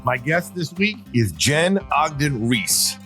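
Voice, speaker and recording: A man's voice: on the high side, sing-song, slow pace, fairly bright tone, faint music behind. A man from Philadelphia hosting a marketing podcast, reading an upbeat intro and then chatting with a guest in an emphatic, joking way. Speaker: podcast host. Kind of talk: scripted intro then casual interview.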